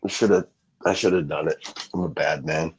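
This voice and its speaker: A man's voice: very deep voice, steady tone, moderate pace, breathy edge, rough recording. A man chatting casually with a co-host, chuckling and bantering playfully. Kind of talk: casual chat.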